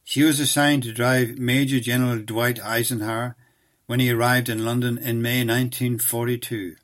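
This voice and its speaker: A man giving scripted documentary narration in a measured, even reading style. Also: medium pitch.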